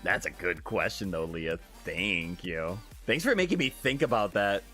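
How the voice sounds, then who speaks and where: A man's voice: deep voice, animated, moderate pace, sharp tone, soft background music. A man live-streaming casual chat, reading viewer questions aloud with giggly, profane banter.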